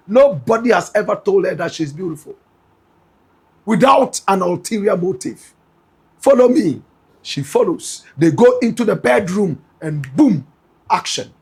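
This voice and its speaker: A man's voice: sits high, breathy edge. A man with a Ghanaian accent giving dramatic gossip news commentary, emphatic and speaking straight to his listeners. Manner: emphatic, repeatedly addresses listeners as "my brother, my sister".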